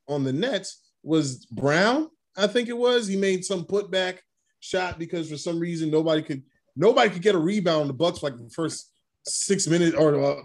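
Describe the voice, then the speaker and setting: A man with a somewhat high voice co-hosts a relaxed sports chat. He tells stories with energy and acts out other people's lines as he goes. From Brooklyn. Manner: animated storytelling, acting out quotes. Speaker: podcast co-host.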